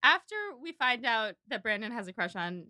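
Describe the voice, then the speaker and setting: A woman's voice: fairly high pitch, normal speed, no room sound, studio quality. A woman co-hosting a podcast, casually recapping a film and acting out the characters' lines. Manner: animated, acts out characters' lines. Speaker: podcast co-host.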